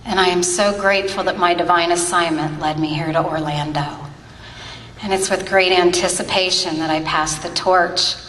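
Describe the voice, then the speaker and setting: A woman's voice: lowish voice, fairly even intonation, moderate pace, fairly bright tone, distant mic, slight background noise. Earnest woman speaking in an echoey hall. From Ohio. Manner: earnest, emotional storytelling. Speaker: twelve-step convention speaker. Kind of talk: heartfelt personal testimony. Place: large convention hall.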